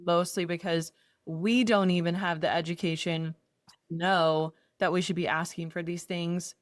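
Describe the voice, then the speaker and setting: A woman in her thirties co-hosts a casual podcast with a fairly low voice. She tells personal stories candidly and animatedly, poking fun at herself. The sound is dry and close, with no room behind it. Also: normal speed, no echo. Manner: candid, animated storytelling with self-deprecating humor. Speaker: podcast co-host. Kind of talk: casual chat.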